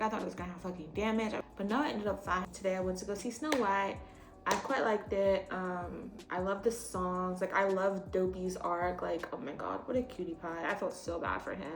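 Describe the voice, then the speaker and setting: A young woman in casual chat as a vlogger, blunt and animated, swearing freely as she rants. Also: medium pitch. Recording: echoey room with faint noise.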